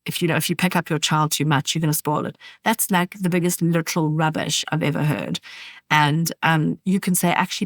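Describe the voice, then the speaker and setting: Soft-spoken woman podcast host. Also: lowish voice, dry recording, clean studio sound. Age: middle-aged. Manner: warm, gently coaching, soft soothing tone when modelling phrases to babies. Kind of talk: solo podcast advice talk.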